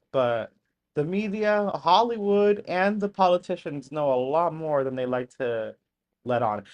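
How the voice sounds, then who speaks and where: Live-stream host, casual reaction commentary, mid-pitched voice, excitable with sudden loud outbursts, chatty asides to the chat. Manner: excitable, bursts into loud exclamations; chatty, apologetic asides to viewers.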